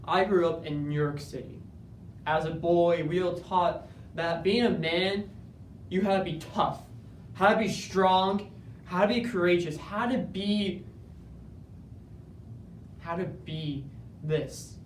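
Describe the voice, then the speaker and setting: A male speech competitor gives an earnest, measured dramatic interpretation performance that builds to moments of intense emphasis. The recording sounds roomy and distant, with a faint rumble.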